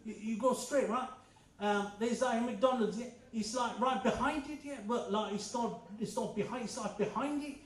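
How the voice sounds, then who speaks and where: A vague young Londoner who rambles on, packing every sentence with "like" and "yeah", as a comedian takes him off. The voice is high and bounces around an echoey hall, far from the mic. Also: male voice, normal speed. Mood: rambling. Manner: filler-heavy rambling, "like" and "yeah". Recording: echoey hall, heard from a distance.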